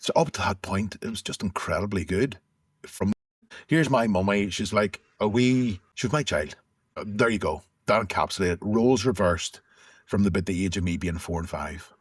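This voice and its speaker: Low husky man, reflective. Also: normal speed, no room sound, clean studio sound. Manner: reflective, conversational, with restarts. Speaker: interview guest. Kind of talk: candid personal storytelling.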